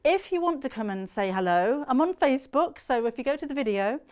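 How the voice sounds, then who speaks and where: A woman's voice: high-pitched, lively intonation, a little fast. A middle-aged British woman presenting a live shopping show, chatting to viewers with plenty of ums and laughs. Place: TV studio.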